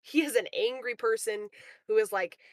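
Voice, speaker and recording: A woman telling a story on a livestream in a casual, animated way, full of "like" fillers. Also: fairly high pitch, moderate pace, dry recording. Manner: animated, filler-heavy retelling. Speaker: guest on a livestream.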